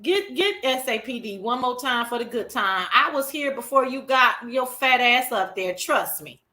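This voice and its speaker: A woman hosting a casual live-stream chat, reacting with quick interjections and laughing along. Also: on the high side, expressive, pushed and bright, roomy sound. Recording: stream audio with faint background noise.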